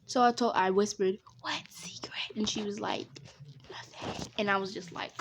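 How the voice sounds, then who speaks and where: Woman storyteller, chatty and rambling, mid-pitched, for casual gaming story time. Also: steady tone, normal speed, background noise. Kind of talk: casual story time while playing a game.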